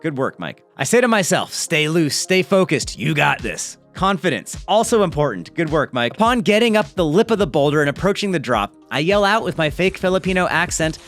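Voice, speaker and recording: Lively chatty man with animated pitch. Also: a little fast, hardly any pauses, faint music behind. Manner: lively, chatty, jokey asides. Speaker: mountain bike video host. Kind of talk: reading a viewer's story aloud with commentary.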